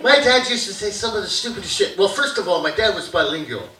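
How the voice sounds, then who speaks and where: A man performs a lively stand-up comedy set, his voice sitting notably high for a man. He keeps switching into loud, shouted impressions of a grumpy father. The sound is captured from far off in an echoey theater, with plenty of noise from the crowd. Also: fast talker. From Canada. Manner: animated, acts out shouting dad voices. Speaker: stand-up comic. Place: theater stage with audience laughter. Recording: roomy, distant theater recording.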